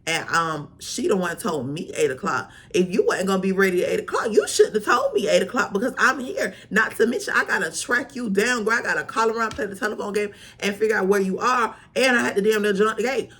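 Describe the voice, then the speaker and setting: A woman vlogger telling a storytime, sassy and animated, full of slang. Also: mid-range voice, brisk, few pauses. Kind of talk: storytime vlog.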